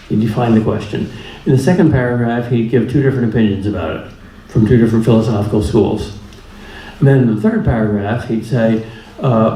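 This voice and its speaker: A man's voice: mid-range voice, dark tone. A man giving a public lecture in a plainspoken, humorous way, driving points home through repetition. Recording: echoey room with faint ambience.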